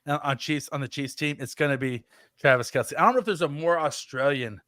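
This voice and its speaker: A man's voice: on the high side, a little fast, fairly bright tone, dry recording. Rambling man with dry close sound. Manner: rambling, self-deprecating storyteller. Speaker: podcast co-host. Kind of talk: casual podcast chat.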